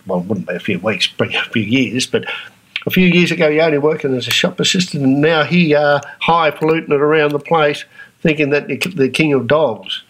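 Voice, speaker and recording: A man with an Australian accent talking casually as a podcast host, acting out other people's reactions in a higher voice. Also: a little fast, a bit bright, slight background noise, low-quality recording. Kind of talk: casual monologue.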